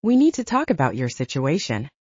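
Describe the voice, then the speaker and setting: A woman narrator voices a steady male band manager in a romance audiobook. He talks in calm, placating tones, mellow and expressive. The sound is dry and slightly dull. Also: low voice, a little fast, slightly rough, no echo, voice pushed down, exaggerated voice. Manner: calm and reasoning.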